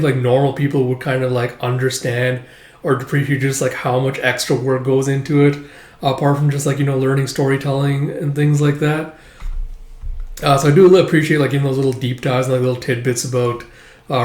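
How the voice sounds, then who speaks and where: A man's voice: mid-range voice, darkish tone, reverberant. A man giving a casual, rambling commentary on a manga chapter, filling his talk with "like" and "uh". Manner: rambling, heavy use of "like" and "uh" fillers.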